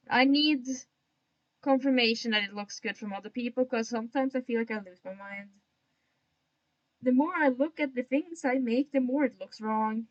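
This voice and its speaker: Young woman streamer, self-mocking and chatty, with a slightly high, gravelly voice and dull lo-fi sound. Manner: admits to an odd put-on tone today. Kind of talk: casual livestream chat while drawing.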